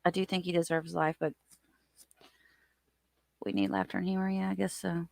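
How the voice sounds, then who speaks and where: A chatty woman hosts a relaxed livestream, greeting her viewers by name. Her voice sits a little low, and the sound is dry and close. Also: normal speed, gravelly, no echo. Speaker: livestream host. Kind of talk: casual livestream chat reading viewer comments.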